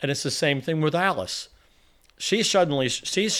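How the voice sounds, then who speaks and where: An older man co-hosting a casual movie review chat, animated and acting out quoted lines with emphasis. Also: on the high side, normal speed. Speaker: co-host of a movie review show.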